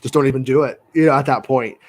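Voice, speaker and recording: A man in casual podcast chat, talking animatedly in quick bursts with frequent restarts. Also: mid-range voice, steady tone. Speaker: podcast co-host.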